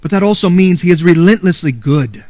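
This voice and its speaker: A man's voice: high voice, lively intonation, brisk, darkish tone, dry recording. A man preaching a sermon as a pastor, earnest and emphatic, reading and quoting scripture.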